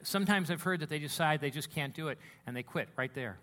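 Pastor, male, high bright voice, dramatic storyteller who drops to a hush and builds up loud. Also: quick pace. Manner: animated storytelling, swinging from hushed to loud. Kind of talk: sermon.

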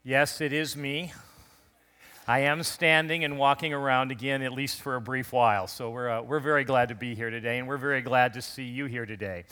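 Bright-voiced male pastor preaching. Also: medium pitch, fairly even intonation, normal speed, clear, resonant tone. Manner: warm conversational preaching with call-and-response. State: recovering from illness. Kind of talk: Easter sermon. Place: church sanctuary.

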